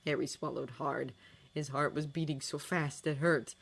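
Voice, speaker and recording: Female narrator, low register, expressive dramatic audiobook reading. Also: moderate pace, vocal fry, breathy edge. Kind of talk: fan fiction audiobook reading.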